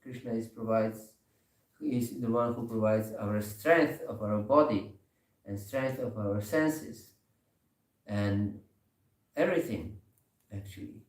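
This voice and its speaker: Slow, halting man giving a sermon. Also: fairly low pitch, reverberant, recorded from a distance, poor audio. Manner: slow storytelling with frequent pauses and hesitations, laughing softly. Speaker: speaker giving a scripture class. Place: temple hall.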